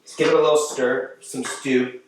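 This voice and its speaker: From his apartment, a man hosts a home talk show, giving a rambling, late-show-style monologue and catching himself mid-sentence with small chuckles. His middle-pitched voice is level and moderately paced. The recording is very noisy and heavily echoey, with the mic placed far from him.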